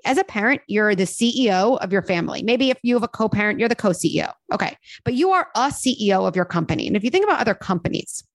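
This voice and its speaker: Animated woman giving parenting advice. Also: mid-range voice, quick pace, few pauses, no room sound. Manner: animated, uses many fillers and acted quotes. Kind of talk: casual conversational advice.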